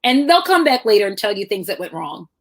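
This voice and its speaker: A middle-aged woman author telling personal stories in a lively conversational talk, acting out the voices of people she quotes. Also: medium pitch, fast. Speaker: author guest.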